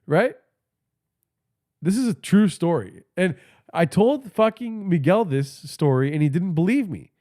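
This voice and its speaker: A man's voice: high voice, expressive, normal speed, warm tone. A man hosting a podcast livestream, telling stories in a casual, profane and rambling way, talking into a phone held in his hand, with a stuffy nose. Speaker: podcast host.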